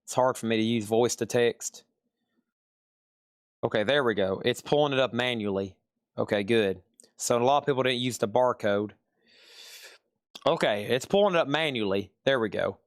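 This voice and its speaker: A man's voice: medium pitch, normal speed, pauses often, no room sound, studio quality. A man with a Southern US accent hosting a live sales stream, chatty and repeating prices and buyer names.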